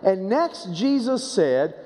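A male pastor preaching in a high, very lively voice that swoops between hushed drops and emphatic peaks. He repeats rhetorical questions at an unhurried pace. His sermon rings with the long reverb of a big church hall. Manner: dramatic, swinging from hushed low phrases to raised emphatic ones.

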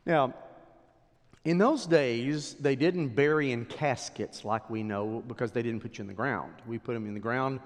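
A pastor preaching a sermon, swinging from loud declarations to hushed whispers. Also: male voice, mid-range voice, normal speed. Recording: long hall reverb.

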